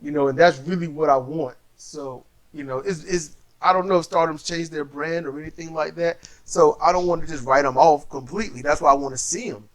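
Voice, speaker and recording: Man, high voice, casual wrestling recap co-host, animated storyteller. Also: fairly quick, hardly any pauses. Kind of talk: casual chat recapping matches.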